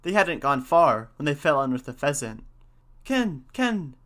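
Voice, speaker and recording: A man hosting a podcast, reading a folktale and chatting about it in a lively, conversational way. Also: medium pitch, normal speed. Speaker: podcast host. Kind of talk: storytelling and casual commentary.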